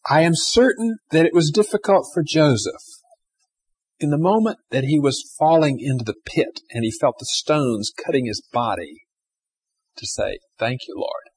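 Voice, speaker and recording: Husky-voiced male preacher. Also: fairly high pitch, normal speed. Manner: animated, swings between loud emphasis and hushed asides. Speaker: pastor. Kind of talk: sermon.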